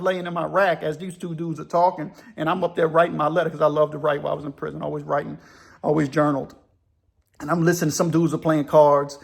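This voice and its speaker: A man's voice: on the high side, gravelly. A man telling a story in a casual, rambling way, often repeating himself.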